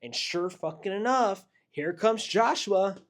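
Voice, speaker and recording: This man's voice is high, and he keeps a measured pace. Co-hosting a podcast, he's an animated storyteller who casually recaps a horror film one scene at a time, imitating the characters' lines in quotes along the way.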